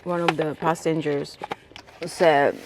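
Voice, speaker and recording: Cab driver from Japan, woman, telling a casual anecdote; slow, low, halting delivery. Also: flat delivery, background noise. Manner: halting, many restarts and fillers. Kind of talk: casual storytelling to camera.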